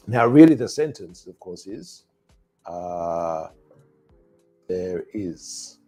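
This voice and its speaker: A man teaching English alone in a live online lesson, repeating phrases slowly for pronunciation practice. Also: deep voice, expressive, mellow.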